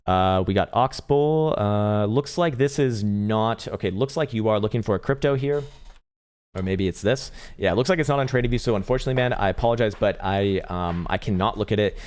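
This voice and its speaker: A man's voice: on the low side, a little fast, a little mellow, smooth. A man hosting a casual crypto trading livestream, chatty and profane, reading chat and laughing often.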